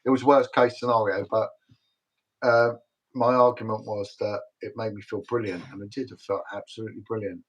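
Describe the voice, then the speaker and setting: A man's voice: fairly low pitch, fairly even intonation, fairly quick, lo-fi sound. A middle-aged British man, a retired detective, talking as a guest in a casual livestream interview, emphatic and repetitive, rambling from story to story. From Britain.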